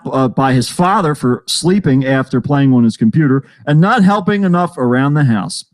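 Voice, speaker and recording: A man with a high voice co-hosts a loose comedy chat. He reads news items aloud with plenty of "uh"s and breaks into jokes. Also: dry recording. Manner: jokey, reads news stories with fillers. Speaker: podcast co-host.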